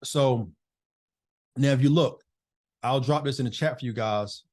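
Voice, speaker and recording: A man's voice: mid-range voice, unhurried, a little mellow. A man hosting a casual live online business masterclass, chatting loosely with participants by name over a video call.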